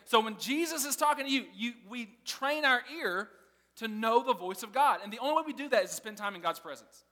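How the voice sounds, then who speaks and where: A man's voice: very high-pitched, pushed and bright, in a large hall. A man preaching a sermon in a casual, conversational way, often laughing as he teaches. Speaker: pastor.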